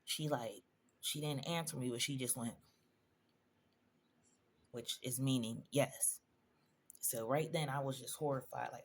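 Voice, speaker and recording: A woman's voice: a bass voice, a little slow, long pauses, slight background noise. A woman in a personal vlog, telling a painful story in a conversational, emotional way, addressing viewers directly. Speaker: vlogger.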